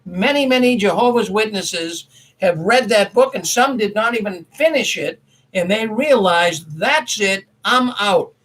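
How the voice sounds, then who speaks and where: A man's voice: high voice, animated, measured pace, a bit bright, poor audio. A man hosting a casual commentary show, telling a story in a rambling, folksy way and correcting himself as he goes. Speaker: commentary host.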